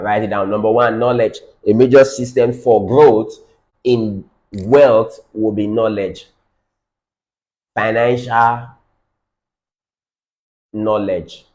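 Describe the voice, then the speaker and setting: A man's voice: fairly low pitch, a little mellow, low-quality recording. A man with a Nigerian accent giving a business training lecture, repeating key phrases for emphasis and checking in with his audience.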